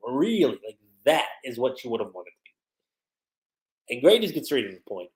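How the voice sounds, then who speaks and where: A man's voice: medium pitch, huge pitch swings, normal speed, darkish tone, rough recording. A man giving a casual livestream review of an anime episode, retelling scenes and quoting the characters.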